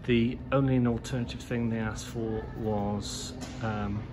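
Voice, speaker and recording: A man chatting casually through a travel vlog, explaining each step of the trip in a relaxed, chatty way. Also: a little slow, noisy background. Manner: chatty, talks to the dog in an excited higher voice. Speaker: vlogger.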